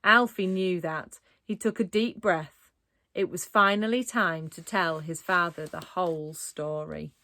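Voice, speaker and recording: A woman's voice: fairly low pitch, measured pace, no room sound, studio quality. A woman narrating a children's storybook aloud with a dramatic, playful delivery. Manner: expressive, dramatic read-aloud with playful asides. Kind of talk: storybook reading.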